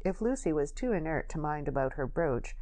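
Audiobook narrator, woman, very low voice, dry close recording. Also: lively intonation, fairly quick, warm tone, dry recording. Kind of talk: scripted narration.

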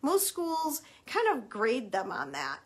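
A middle-aged woman talks to parents as a college admissions consultant. Her voice sits a little high, and she speaks emphatically, stressing her key points. She slips into short acted-out bits of quoted dialogue along the way. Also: wildly swooping pitch, takes it slowly, husky. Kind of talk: advice talk to parents.

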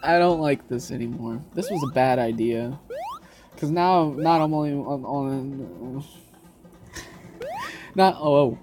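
A woman's voice: very deep voice, slow pace, long pauses, mellow, faint music behind. A woman doing casual let's-play commentary, exasperated, swearing a lot and talking to herself as she plays. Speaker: gaming video creator.

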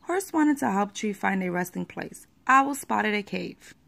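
A woman reading a children's picture book aloud at a steady pace, with the odd small slip. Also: mid-range voice, measured pace, creaky.

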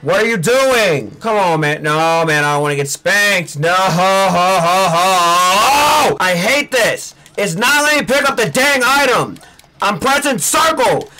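Frustrated high-voiced man yelling at games. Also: very animated, normal speed. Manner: frustrated yelling and groaning at the game. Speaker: gaming streamer. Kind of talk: rage-quit gameplay commentary.

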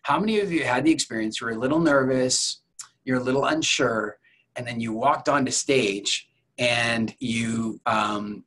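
Husky-voiced man teaching public speaking. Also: mid-range voice, a bit bright. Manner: conversational, storytelling with examples; addresses viewers directly. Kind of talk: masterclass lecture.

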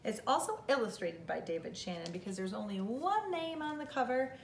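A woman teacher reads a picture book aloud to young children at an unhurried pace. Her voice sits a little high and rises and falls lively as she tells the story. The room is echoey, with faint ambience behind her. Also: creaky, recorded from a distance, a little hiss or hum. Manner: slow, expressive storytelling for kids.

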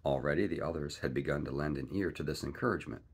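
Gravelly deep-voiced man reading a story. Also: quick pace. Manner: lively, expressive reading. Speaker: reader. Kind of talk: storybook read-aloud narration.

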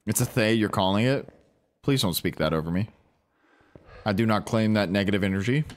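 A man giving casual, animated commentary while playing a ghost-hunting game and talking to his teammates. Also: lowish voice, brisk. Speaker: gaming streamer.

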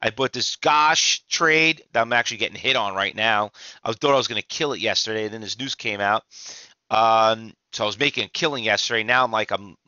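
Man, middle-aged, exhausted, rambling, emphatic, forceful tone, dull lo-fi sound. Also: on the low side, fairly quick, clear, resonant tone, no echo. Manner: rambling, restarts often, emphatic. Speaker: trading instructor. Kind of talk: casual market commentary to viewers.

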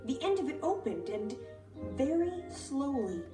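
A woman reading a children's picture book aloud in a gentle, expressive voice, drawing out the slow parts. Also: high voice. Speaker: storyteller. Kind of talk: children's storybook read-aloud. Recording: echoey room from a distance with music.

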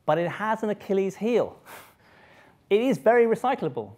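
Animated man giving a lecture. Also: high voice, normal speed. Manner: lively, self-interrupting, joking with audience. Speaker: public lecturer. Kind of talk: live science lecture. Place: lecture hall.

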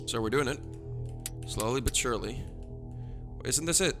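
A man's voice: medium pitch, normal speed, pauses often. A man whose first language is Dutch, commentating a horror game he is playing, jumpy and panicky with nervous laughter, into a headset mic. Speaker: gaming streamer. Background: game music.

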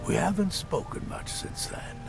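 A man's voice: high-pitched, sing-song, moderate pace, full character voice. An actor playing a proud aging male Nord clansman in video game dialogue, earnest and tradition-bound. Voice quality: gravelly. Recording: game audio over loud music.

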